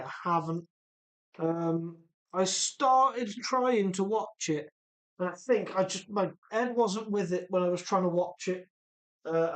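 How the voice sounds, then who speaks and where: A man with a mixed English Midlands and Welsh accent, hosting a casual live stream and chatting through viewer comments as he works. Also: high-pitched. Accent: mix of English Midlands and Welsh. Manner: chatty, reads viewer comments aloud while rebuilding an RC car. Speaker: livestream host.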